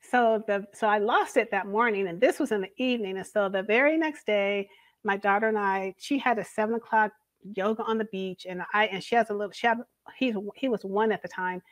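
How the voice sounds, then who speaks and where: A middle-aged woman, a podcast guest, telling a story in a lively, laughing way. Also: mid-range voice, brisk, dry recording. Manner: animated, laughing storyteller who acts out the voices of others. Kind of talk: casual storytelling in an interview.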